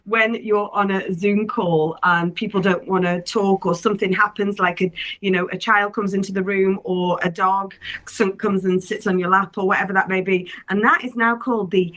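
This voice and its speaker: A woman co-hosting a podcast, with a bright, forward tone. She chats playfully, tossing in quick jokes and teasing asides at a middling pitch. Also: fairly even intonation. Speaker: podcast co-host. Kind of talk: casual chat.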